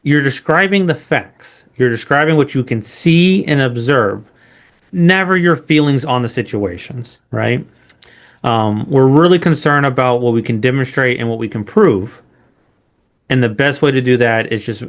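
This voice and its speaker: Speaking at a normal speed with a medium-pitched voice, a man runs a training lesson in a conversational style, frequently tossing in a rhetorical "right?".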